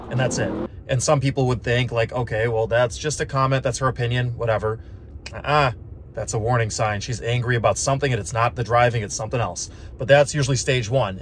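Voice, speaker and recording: A man's voice: mid-range voice, a little hiss or hum. A man talking in a casual, wry, explanatory way, full of "like" and "just". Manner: conversational, wry, uses lots of filler like "like" and "just". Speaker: physician assistant vlogger.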